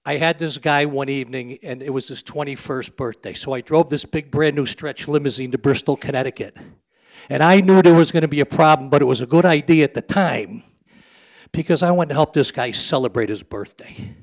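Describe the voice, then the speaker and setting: A man's voice: medium pitch, brisk, highs cut off. A man in his sixties, a limousine driver, telling a salty, blunt story live on stage.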